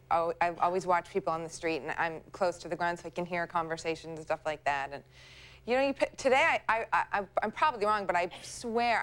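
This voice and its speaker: A young actress chats on a late-night talk show, her voice sitting a little low, often giggling and trailing off mid-thought. The sound comes from an old taped TV broadcast. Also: a bit bright, clean tone. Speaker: guest actress. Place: TV studio. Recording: VHS transfer with noise.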